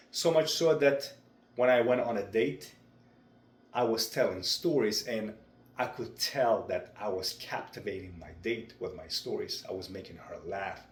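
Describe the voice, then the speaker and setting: A young man talking through his speaking practice in a vlog, with a deliberate, measured delivery. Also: lowish voice. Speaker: vlogger. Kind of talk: reflective speech-practice vlog. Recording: roomy echo.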